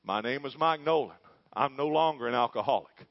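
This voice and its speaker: Preacher doing a firm reformed drinker. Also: male voice, medium pitch, a little fast, lightly acted. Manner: plain, firm, respectful. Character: earnest reformed drinker, older white-haired man. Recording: dull lo-fi.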